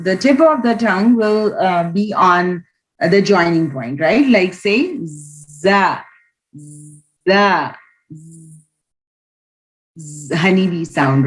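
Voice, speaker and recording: A woman's voice: mid-range voice, rough recording. A woman teaching Quran reading in an online class, patiently demonstrating each letter sound aloud over a video call.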